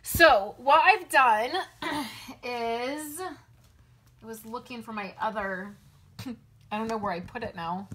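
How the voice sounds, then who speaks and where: A woman's voice: a little high, slow, pauses often, pushed and bright, a little hiss or hum. A woman hosting a live card-making stream, chatting casually and greeting viewers by name. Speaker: card-making livestream host.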